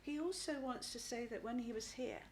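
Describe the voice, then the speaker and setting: Woman, medium, fairly high voice, halting speech, faint background noise. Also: darkish tone. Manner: halting, repeats words, asks "please?" often. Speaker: psychic medium. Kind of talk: live spirit reading.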